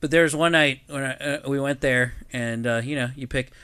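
A young man telling stories in casual chat, animated and laughing, shouting out the lines he quotes. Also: mid-range voice, a little fast, slight background noise. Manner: animated storyteller, mimics others in loud shouts, laughs often.

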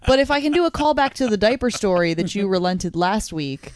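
A woman's voice: medium pitch, expressive, a little fast, no echo. Giggly teasing woman, dry close sound. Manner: teasing, giggly, swears freely. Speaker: podcast co-host. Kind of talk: casual comedy podcast chat.

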